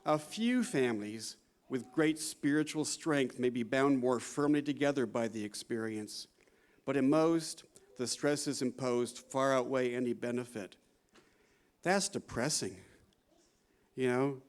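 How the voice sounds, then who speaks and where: A man's voice: mid-range voice, measured pace. A man in his sixties gives a conversational conference talk as a psychology professor, often adding "you know" and "right?" and laughing. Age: 60s. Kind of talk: conference lecture.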